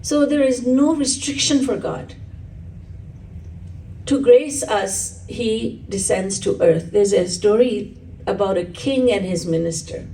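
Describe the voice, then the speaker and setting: A woman's voice: medium pitch, slow pace, dark tone, recorded from a distance, slight background noise, poor audio. A woman spiritual teacher giving a religious discourse, explaining earnestly and telling stories.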